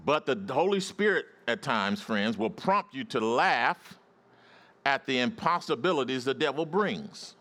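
A man's voice: mid-range voice, animated, unhurried, bright, forceful tone. A male pastor preaching a sermon, emphatic and calling out to his congregation for responses.

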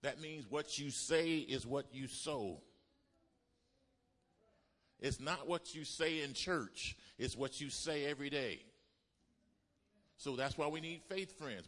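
A man delivers a sermon from the pulpit, his voice sitting at an ordinary middle pitch. He swings between loud, fervent exhortations and low, quiet stretches. A long reverb from a large hall trails behind every phrase. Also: expressive, measured pace. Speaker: pastor.

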